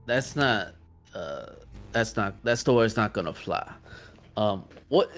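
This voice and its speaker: Low-voiced man probing in a tabletop game. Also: expressive, a bit bright. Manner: measured, probing. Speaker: player. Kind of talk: in-character interrogation in a tabletop game.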